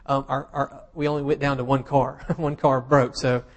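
A man preaching a sermon in a relaxed, conversational way, with wry humorous asides and plenty of fillers. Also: medium pitch, moderate pace. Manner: casual and self-deprecating, with humorous asides and frequent fillers.

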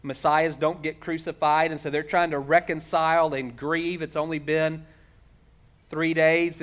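This is a middle-aged man delivering a sermon, his voice sitting a little higher than most men's. He preaches in an earnest, conversational way and slows down to lean on the points he wants to land. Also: fairly bright tone. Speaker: pastor.

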